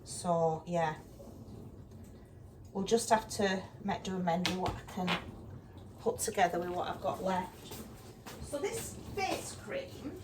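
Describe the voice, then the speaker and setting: A woman chatting casually in her kitchen while she cooks, exasperated and down to earth. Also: medium pitch. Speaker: vlogger. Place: cold home kitchen. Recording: distant mic, loud kitchen noise. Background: clattering dishes and pans.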